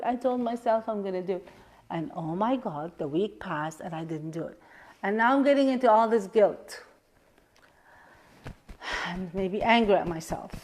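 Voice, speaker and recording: A woman life coach in a live session, earnestly guiding listeners through a tapping exercise and repeating affirmations and questions, often dropping to a soft hush. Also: fairly high pitch.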